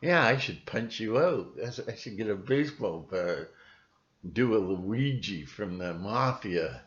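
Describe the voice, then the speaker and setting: A man rants to camera at a slow, unhurried pace, sarcastic and rambling, and he often stops to restart his sentences. His voice sits at an ordinary middle pitch, and the recording sounds dull and lo-fi. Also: big pitch swings. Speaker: video blogger. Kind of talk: casual rant to camera.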